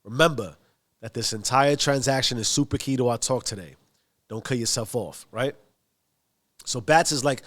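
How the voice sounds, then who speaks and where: A man's voice: mid-range voice, moderate pace, pauses often, fairly bright tone. A man giving a motivational monologue, emphatic and given to long lists. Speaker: motivational speaker.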